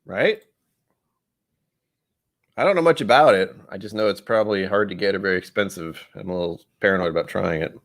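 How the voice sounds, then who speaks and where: A man's voice: low-pitched, a little fast, pauses often, fairly bright tone. A man hosting a casual whiskey-tasting livestream, rambling and self-deprecating as he thinks aloud. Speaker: whiskey channel host.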